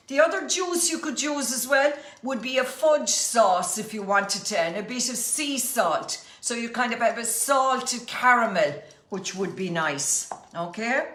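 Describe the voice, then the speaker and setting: Middle-aged Irish woman, chatty cooking host, slightly high voice, echoey kitchen recording. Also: noisy background. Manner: chatty, homely, addresses viewers as folks. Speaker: cooking demonstrator. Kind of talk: live cooking demonstration. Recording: echoey kitchen with faint clatter. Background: clinking dishes and cutlery.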